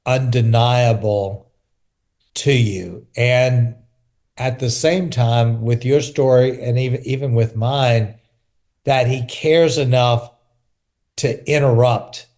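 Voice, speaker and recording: A man hosting a podcast talks slowly and reflectively. He halts and restarts often as he gathers his thoughts, with a mid-range voice. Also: medium pitch, darkish tone. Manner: halting, with many restarts and fillers. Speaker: podcast host. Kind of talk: reflective conversation.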